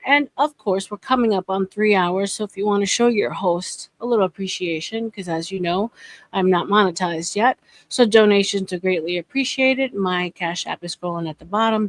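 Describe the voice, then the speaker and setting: A woman's voice: lowish voice, no room sound. A woman hosting a casual livestream, chatting to viewers, thanking them and asking for support. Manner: chatty, thanks viewers, mutters to herself while clicking. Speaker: livestream host.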